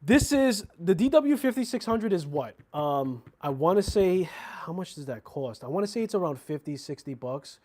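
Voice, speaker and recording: Chatty high-voiced man on a livestream. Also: sing-song, normal speed, darkish tone. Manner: chatty, slangy, rambling with restarts. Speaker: watch channel host. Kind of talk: casual livestream chat.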